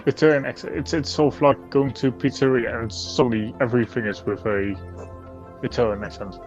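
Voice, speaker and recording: A man speaks in a middle-pitched voice, keeping his remarks brief and dry. Loud music and engine noise sit behind him. He sounds relaxed and offhand. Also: fairly quick, dull audio. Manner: terse, dry short replies. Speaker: co-player. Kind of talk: casual chat.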